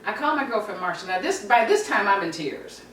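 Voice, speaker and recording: A middle-aged woman, a mother, telling a family story in casual chat, animated and acting out what people said. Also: mid-range voice, a little fast, slight background noise. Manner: animated storyteller, laughs and acts out quotes. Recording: roomy, slightly distant mic with faint ambience.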